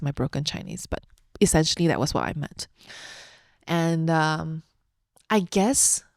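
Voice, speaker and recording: A woman's voice: lowish voice, darkish tone, no room sound, studio quality. A young adult woman hosting a podcast, sharing a personal story in an open, heartfelt, chatty way with fillers. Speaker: podcast host.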